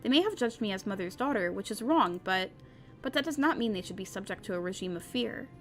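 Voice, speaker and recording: A woman's voice: medium pitch, expressive, fairly quick, faint music behind, pitched below the performer's own voice, natural voice. A woman voicing a defiant young princess heroine in an earnest, plain reading.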